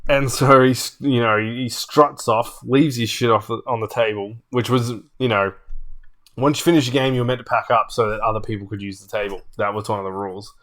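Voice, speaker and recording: A man, a tabletop channel host telling a story casually, with animated, laughing asides. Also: mid-range voice, a little fast.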